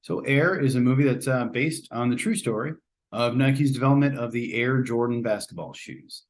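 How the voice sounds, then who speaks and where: A man's voice: mid-range voice, normal speed, slight background noise. A man hosting a casual spoken movie review, chatty and rambling, often hedging and restarting his sentences. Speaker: host.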